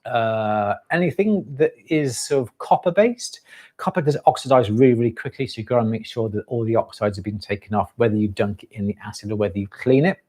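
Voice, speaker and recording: A man hosting a live jewellery stream, answering questions at an easy, practical pace. He explains step by step, restarting sentences and filling pauses as he goes. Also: lowish voice. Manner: relaxed, explanatory, with fillers and restarts.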